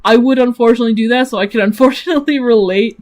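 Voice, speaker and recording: A woman's voice: on the high side, racing, a little mellow. A woman streamer chatting casually about her own characters, rambling with lots of fillers and giggling often.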